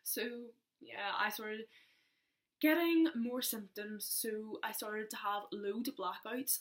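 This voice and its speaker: A woman's voice: medium pitch, a bit bright. A young woman telling a personal story in a rambling, chatty way, often interrupting herself. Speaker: vlogger.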